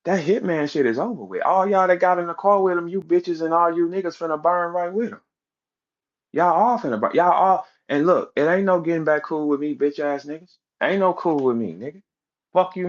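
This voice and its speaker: A man rants hard and keeps confronting someone who is not there, cursing and throwing in mocking impressions. His voice sits a bit high for a man. The audio comes through muffled and lo-fi, like a live stream. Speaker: battle rap personality on a live audio space. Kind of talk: heated rant.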